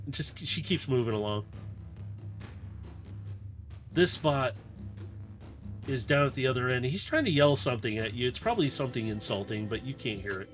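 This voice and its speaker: A man's voice: medium pitch, a little fast. A man running a tabletop game as game master, narrating scenes in a loose, rambling way. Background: faint fight music.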